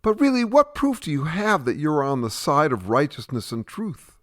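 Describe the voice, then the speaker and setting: A man's voice: a little high, expressive, normal speed, lightly acted. A man playing an earnest questioner in a satirical sketch dialogue, pressing with incredulous, patient questions. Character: earnest male questioner who can't keep up.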